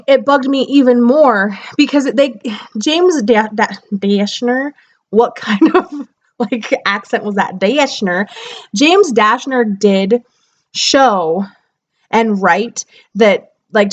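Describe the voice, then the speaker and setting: A woman's voice: a little high, dull audio. A young woman giving a casual spoken book review, rambling and exasperated as she talks through what frustrated her.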